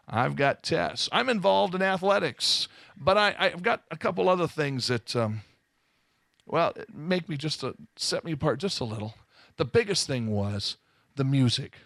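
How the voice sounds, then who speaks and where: A man from Southern California telling his life story to an audience, animated and full of self-mocking humor. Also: mid-range voice, no room sound, clean studio sound. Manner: animated storytelling, acting out quoted voices. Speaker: speaker giving his testimony. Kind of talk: testimony to a live audience.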